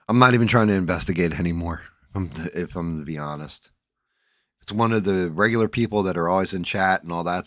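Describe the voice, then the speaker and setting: A groggy man hosts a casual livestream chat, his voice sitting very low. He rambles bluntly, swears freely and restarts his sentences. The sound is dry and close, with no room around it. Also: fairly bright tone, no room sound. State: groggy, just woke up. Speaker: livestream host.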